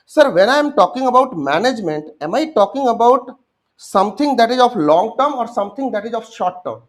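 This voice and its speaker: A man's voice: extremely high pitch, expressive, brisk. A young man with an Indian English accent, giving an exam-prep lecture and acting out students' answers as he speaks to them directly. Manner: addresses students directly, acts out their answers.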